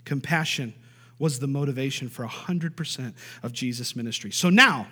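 A man's voice: medium pitch, normal speed, bright, forceful tone, slightly rough, long reverb tail. A married man preaching a sermon, stressing key lines by repeating them and calling out for amens. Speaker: pastor.

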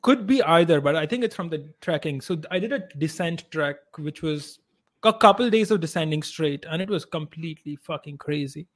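Male podcast co-host, slightly high voice, relaxed and conversational. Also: normal speed. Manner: relaxed, conversational, swears casually. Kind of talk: casual podcast chat.

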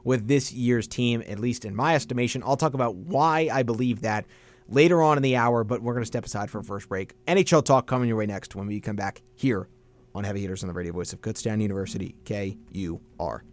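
A man's voice: mid-range voice, quick pace. Young guy doing sports picks on college radio, sure of himself, regular middle voice. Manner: confident, plays off co-host. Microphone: studio microphone with headphones.

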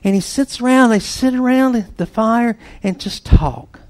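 High-voiced man preaching animatedly. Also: measured pace, few pauses. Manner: animated, swings from loud bursts to hushed near-whispers. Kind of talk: storytelling sermon.

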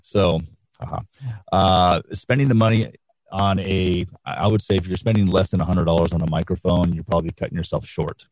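Middle-aged guy, real low voice, laid back folksy explaining, dry close studio mic. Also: steady tone, normal speed, darkish tone, no room sound. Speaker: guest, radio instructor and podcast producer. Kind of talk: casual interview answers. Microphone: quality studio microphone.

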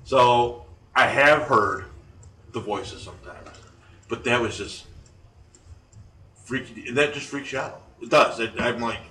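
A man casually recounting paranormal investigations, animated and quick to laugh, acting out the voices he quotes. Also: medium pitch. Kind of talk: casual storytelling chat. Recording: echoey room, distant mic, faint noise.

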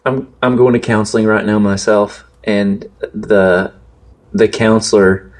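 A man's voice: on the low side, steady tone, unhurried. A man from West Texas, a pastor, telling stories in casual podcast chat with dry, self-deprecating humor.

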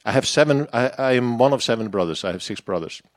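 A man gives a church sermon in an easygoing, personal tone, often pointing the lesson back at himself. His voice sits at an ordinary middle pitch for a man. He preaches like he is talking with friends, not lecturing them. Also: animated, fast. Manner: conversational, personal, self-deprecating preaching.

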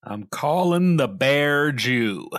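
A male podcast guest tells a story with lively energy, his voice at a middle pitch. The sound is dry and close, with no room in it. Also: takes it slowly, no room sound. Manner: animated storytelling, retelling a film scene. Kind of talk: casual podcast chat.

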